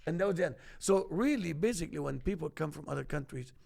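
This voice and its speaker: A middle-aged man from Egypt, hosting a casual chat and telling animated stories. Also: a little high, fast talker, gravelly. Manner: animated storyteller, acts out quoted voices. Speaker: host.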